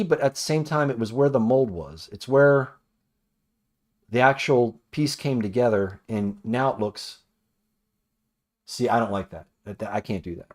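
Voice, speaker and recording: A man chats and mutters to himself as he paints, rambling from one thought to the next. He swears freely and grumbles at his own mistakes. His voice sits at an ordinary middle pitch for a man. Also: a little mellow. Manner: rambling, profane, self-critical muttering. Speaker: toy customizer. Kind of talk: casual painting vlog. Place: cluttered workroom.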